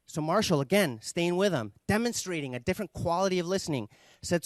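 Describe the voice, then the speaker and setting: A communication trainer gives a measured, reflective talk, pausing often to let points settle. His voice sits fairly high for a man. The recording is close and dry, with no room echo. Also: expressive. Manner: measured, reflective, with thoughtful pauses. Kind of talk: invited talk.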